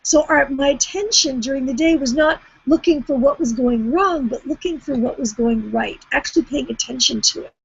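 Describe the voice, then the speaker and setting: High, gravelly woman. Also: moderate pace, few pauses, no room sound. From Canada. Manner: rambling, with many restarts. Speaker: group call speaker. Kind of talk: casual group talk. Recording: dull lo-fi sound.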